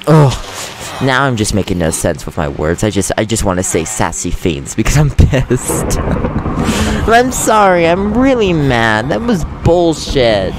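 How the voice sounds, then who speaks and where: Animated young man narrating Minecraft play. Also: fairly low pitch, normal speed, noisy background. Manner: excitable, swings from calm chatter to loud frustrated rants. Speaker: gaming host. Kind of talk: casual Minecraft commentary.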